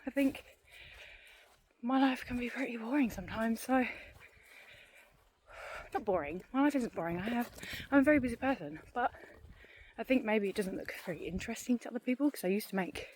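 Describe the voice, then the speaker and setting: A woman's voice: a little high, animated, fairly quick, pauses often, a little mellow, a little hiss or hum. Chatty woman, out of breath. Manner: rambling, chatty, self-deprecating. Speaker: vlogger. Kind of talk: casual chat while walking. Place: outdoors on a dog walk.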